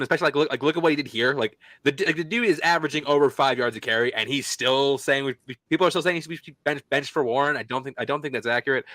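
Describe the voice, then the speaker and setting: A young man with a bright, ringing voice chats about football as the host. He rambles through his points with frequent fillers and restarts, recorded close and dry. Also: mid-range voice, no room sound. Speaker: podcast host. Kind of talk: casual sports chat.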